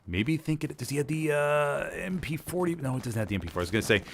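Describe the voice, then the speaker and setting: A man doing live play-by-play commentary on a competitive shooter match, lively and prone to sudden exclamations. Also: fairly high pitch, quick pace, slight background noise. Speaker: competitive game caster. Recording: game gunfire and artillery clearly heard behind. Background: game gunfire and explosions.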